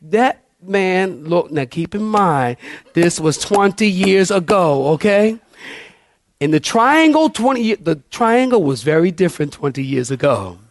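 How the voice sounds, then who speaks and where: High-voiced animated preaching man. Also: measured pace, dry recording. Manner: animated, acts out dialogue in a raised voice. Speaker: pastor. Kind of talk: storytelling sermon.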